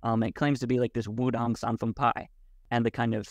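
A man as a podcast guest, talking in a thoughtful, halting way with many restarts. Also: medium pitch, level tone, dry recording, studio quality. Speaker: podcast guest, Wudang martial arts teacher. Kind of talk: casual conversation.

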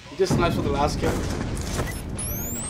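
A young man commentating on his own gameplay, excitable and exclaiming. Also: on the high side, measured pace, loud music behind the voice. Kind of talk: excitable gaming chat. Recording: loud gunfire game audio. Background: game gunfire.

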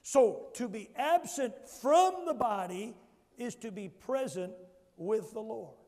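A high-voiced pastor preaches a sermon in a church sanctuary, his slow delivery lively in intonation and darkish in tone. He preaches emphatically with call-and-response to the congregation, and long hall reverb fills the recording.

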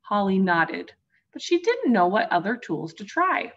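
Slow, gentle woman reading a storybook. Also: medium pitch, big pitch swings, dull audio. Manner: gentle, addresses listeners as friends. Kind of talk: storybook read-aloud for children.

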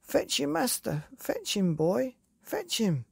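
A woman's voice: mid-range voice, sing-song, normal speed, gravelly, mellow, breathy edge, no room sound, clean studio sound, pitched above the performer's own voice, heavily acted. A woman voicing an eager, pleading young boy in a bedtime story. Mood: urgent.

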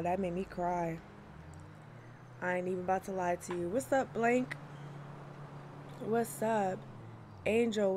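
A young woman chats to her stream at a middle pitch, easygoing and talkative. She laughs often and calls out viewers by name. A faint hum of noise sits behind her desk mic. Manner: chatty, laughs often, greets chat by name. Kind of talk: casual livestream chat.

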